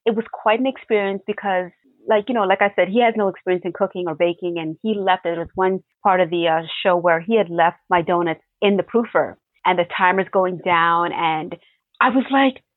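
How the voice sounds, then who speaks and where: A young woman chef telling her stories with lively animation, laughing as she goes. The sound is tinny and narrow like a phone call, and bone dry with no room around it. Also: lowish voice, a little fast, dry recording. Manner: animated storytelling, laughs often. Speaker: pastry chef guest. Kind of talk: casual interview answers.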